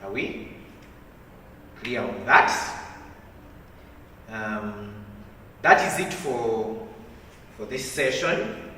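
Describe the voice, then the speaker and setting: A male teacher lectures slowly, with a lively voice that rises and falls a lot. He keeps checking in with the class. The sound is distant and booming, as if caught from across a large hall with faint hiss. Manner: repeats points, checks in with "okay?" and "hmm?". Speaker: literature teacher.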